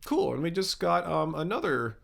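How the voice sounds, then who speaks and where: A man hosts a laid-back live stream, reading viewer comments aloud. His voice sits a little high for a man and has a gravelly, fry-laden edge. He sneezes now and then. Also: very animated, normal speed, a bit bright. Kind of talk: casual live Q&A chat.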